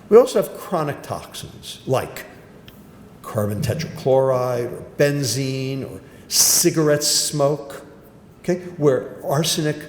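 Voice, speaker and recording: An older man giving a medical lecture, emphatic and punchy, often asking and then answering his own questions. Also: a little mellow. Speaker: physician giving a grand rounds lecture. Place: lecture hall. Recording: roomy hall echo with faint rumble.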